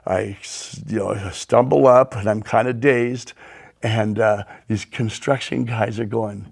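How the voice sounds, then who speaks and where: Brief: podcast host, gravelly man, casual and animated storyteller. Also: lowish voice, measured pace. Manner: animated anecdotes, sound effects.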